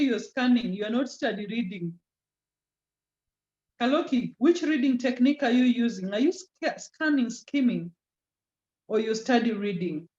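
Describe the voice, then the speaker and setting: A woman teaches a communication class over a video call, drawing out important terms and calling on students playfully. Her voice sits fairly high and sounds warm and mellow. The call audio is dull and lo-fi. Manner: code-switches into Swahili, teasing students by name; slows down and stresses key terms. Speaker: communication skills lecturer. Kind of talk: online class lecture.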